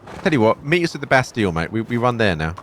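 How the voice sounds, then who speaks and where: A man's voice: mid-range voice, big pitch swings, very fast, a bit bright, a little hiss or hum. A man chatting matily with friends over game voice chat, swearing and stumbling over his words. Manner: matey and swearing, stumbling restarts.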